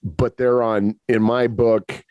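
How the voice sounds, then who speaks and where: A man co-hosting a podcast conversation, speaking bluntly and haltingly, often restarting his sentences. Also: medium pitch, level tone, a little mellow, dry recording, lo-fi sound. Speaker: podcast co-host.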